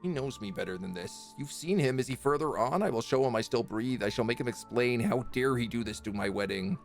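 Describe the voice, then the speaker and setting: A man's voice: mid-range voice, lively intonation, brisk, vocal fry, faint music behind. A man voicing a distraught young female ghost bride, a decayed spirit who pleads for help. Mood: indignant. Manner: pleading, distraught, then indignant.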